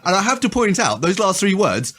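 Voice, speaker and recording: A man with a high, sing-song, slightly bright voice talks briskly while co-hosting a casual podcast chat. He rambles with frequent restarts, his tone dry, amused and sarcastic.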